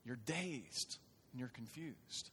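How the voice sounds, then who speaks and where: A man preaching a sermon, shifting from quiet, conversational talk to loud, impassioned urging. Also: medium pitch, lively intonation, takes it slowly, a little hiss or hum. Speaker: pastor. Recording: long reverb of a large hall.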